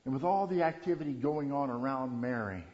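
A man preaching a Christmas sermon, shifting from quiet reverence to loud, animated storytelling. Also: mid-range voice, fairly quick. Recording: dull lo-fi sound.

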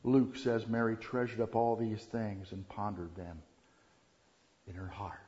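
A man preaching a Christmas sermon, shifting from quiet reverence to loud, animated storytelling. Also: on the low side, a little slow. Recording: dull lo-fi sound.

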